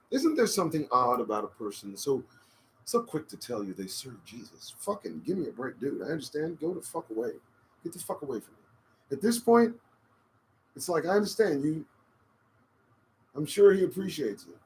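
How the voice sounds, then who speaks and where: A man's voice: on the high side, rough recording. A man hosting a live-stream talk show, rambling in a profane, preachy and emphatic way into a desk condenser microphone. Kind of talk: casual live-stream monologue.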